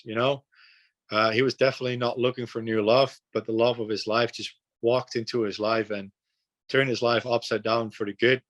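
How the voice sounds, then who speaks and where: A young man from the Netherlands, a podcast guest telling a story in an earnest, relaxed way, with frequent fillers and repeated words. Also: mid-range voice. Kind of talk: casual storytelling.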